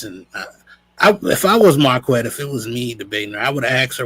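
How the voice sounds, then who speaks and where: A man hosting a live stream, casual and slangy, shouting out viewers. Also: mid-range voice, expressive, fairly quick, husky, poor audio. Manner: laid-back, slangy, says "you know what I'm saying". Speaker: show host.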